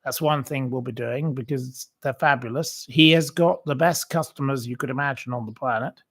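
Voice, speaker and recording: A man's voice: medium pitch, normal speed, vocal fry. Man rambling through a casual anecdote. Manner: rambling anecdotal storytelling with many fillers. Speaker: channel host. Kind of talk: casual livestream chat.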